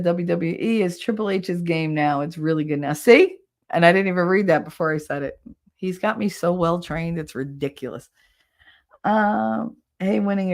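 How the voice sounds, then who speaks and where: Jersey lady on her stream, lowish voice, blunt, swears a lot and laughs a bunch. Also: gravelly, darkish tone. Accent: New Jersey. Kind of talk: casual live-stream chat, reading comments.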